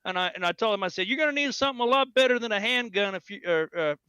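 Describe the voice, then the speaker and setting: Man, podcast co-host, animated storyteller, bright and slightly high voice, dry close sound. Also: racing, smooth, dry recording. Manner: animated storyteller, acts out quotes loudly. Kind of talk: casual chat.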